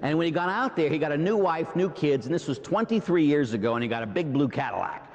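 A middle-aged man with a Pittsburgh accent, a priest preaching a sermon in a church, animated, with rhetorical questions and asides to the congregation. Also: a little high, fast talker. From Pittsburgh, USA. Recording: long reverb in a large hall.

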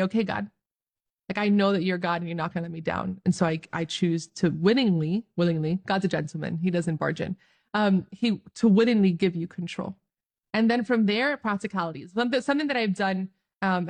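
A woman's voice: medium pitch, darkish tone. A young woman giving an earnest, joyful faith talk straight to her viewers, laughing often as she speaks. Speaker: Catholic speaker.

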